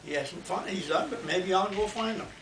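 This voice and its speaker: A quick, brave little squirrel in a bedtime tale, played by an older man, eager and rushed with a high-ish voice. It is heard from a distance in an echoey room with faint noise behind.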